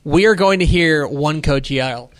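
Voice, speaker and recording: A man co-hosting a casual sports podcast, telling stories with lively energy and acting out what others said. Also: a little high, unhurried, no room sound, clean studio sound. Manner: animated storyteller, acts out quoted voices. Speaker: podcast co-host.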